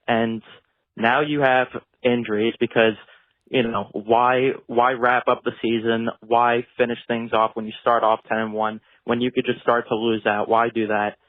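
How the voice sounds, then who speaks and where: A male fan calls a hotline to rant sarcastically about his team. His voice has a mid pitch. It comes through a thin, tinny phone line with a dry sound. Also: level tone, normal speed, no echo. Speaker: caller. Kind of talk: recorded hotline message.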